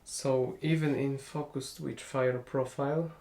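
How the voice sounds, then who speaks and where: A man's voice: mid-range voice, fairly even intonation, unhurried, darkish tone. Agreeable man chatting in an echoey room. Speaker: tabletop game co-commentator. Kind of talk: casual post-game discussion.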